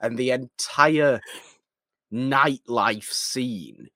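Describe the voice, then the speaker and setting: A man's voice: medium pitch, extremely slow, sharp tone, dry recording. A man co-hosting a casual film chat, grumbling and dismissive about what annoys him. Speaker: podcast co-host reviewing a film.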